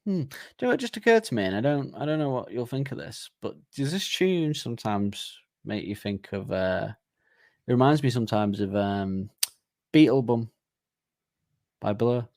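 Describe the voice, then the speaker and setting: Co-hosting a casual music podcast, a man rambles through his thoughts, laughing a lot and restarting sentences. His medium-pitched voice is expressive and a little mellow at a normal speed, recorded clean in a studio with no room sound.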